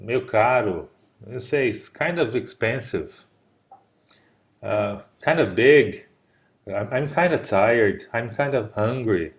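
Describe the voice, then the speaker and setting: A man's voice: lowish voice, lively intonation, takes it slowly. Male tutor on a video call. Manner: explains patiently with examples, checks understanding. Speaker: English tutor. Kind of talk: online English lesson.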